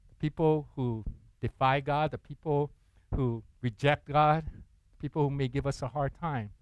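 Animated preacher man, dry close sound. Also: mid-range voice, unhurried, clean tone, no echo, dull audio. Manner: animated preaching, acting out quoted voices and asking the congregation questions. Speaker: pastor. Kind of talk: sermon.

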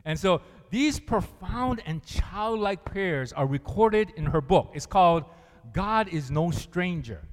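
A man's voice: sits high, expressive, takes it slowly. A man preaching a sermon as pastor, earnest, often laughing and putting questions to the congregation. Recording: long reverb of a large hall.

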